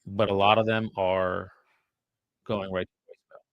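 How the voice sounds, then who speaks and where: A low-voiced man talks straight into a close microphone in a dry room, his voice rough with fry. He chats casually and bluntly with his stream audience, dropping the occasional curse. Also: level tone, moderate pace, no room sound, highs cut off. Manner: blunt, profane, chatty, addresses viewers as guys. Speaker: real estate agent streaming live calls. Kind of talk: casual live-stream chat.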